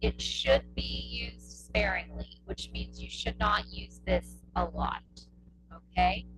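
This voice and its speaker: Speaking over music in a low-quality recording, a woman with an animated, mid-range voice gives a test prep lesson explaining punctuation. She takes it slowly and patiently, repeating points and frequently asking "okay?"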